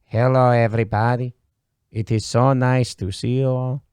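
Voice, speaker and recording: A man's voice: mid-range voice, flat delivery, normal speed, darkish tone, smooth, dry recording, natural voice. Man doing a shy talking dog with a put-on Mexican accent. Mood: awkward. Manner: shy, rambling, crude confessions. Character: anxious male pet dog, crude and awkward.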